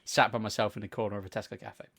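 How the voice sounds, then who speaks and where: A young man co-hosting a podcast, telling long animated stories in casual chat, swearing freely and acting out what people said. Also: on the low side, very fast, vocal fry. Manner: animated storytelling, swears freely, acts out quotes. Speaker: podcast co-host.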